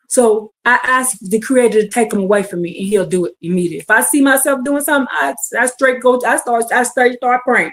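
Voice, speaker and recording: Fervent woman preacher on a livestream, high voice, goes from hushed to shouting. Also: a little fast, few pauses. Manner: fervent, calls out to listeners, swings from hushed to shouting. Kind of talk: livestream sermon.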